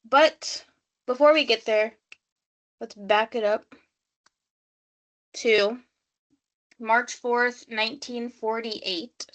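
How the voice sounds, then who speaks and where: A woman hosts a casual true-crime podcast, her voice bright and a touch high. She steers the conversation and quizzes her co-host as she sets up the story. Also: steady tone, extremely slow, long pauses.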